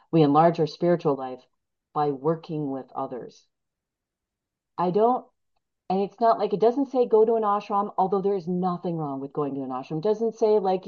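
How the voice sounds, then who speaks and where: Candid rambling woman on a dull recording. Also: fairly low pitch. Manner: candid, rambling, self-deprecating, lots of fillers. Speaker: speaker sharing at a recovery meeting. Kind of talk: personal recovery share.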